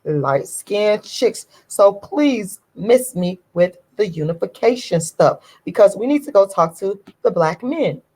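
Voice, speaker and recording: A woman's voice: medium pitch, expressive, a little slow, hardly any pauses, mellow, husky, rough recording. A woman vlogger giving a ranting commentary to her viewers, emphatic and indignant, repeating her points over and over.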